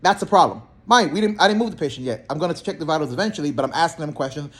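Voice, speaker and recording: A young man, a healthcare therapist, telling work stories in a blunt, slangy, animated way and acting out both sides of the talk. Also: on the high side, rapid-fire. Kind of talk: casual storytelling vlog.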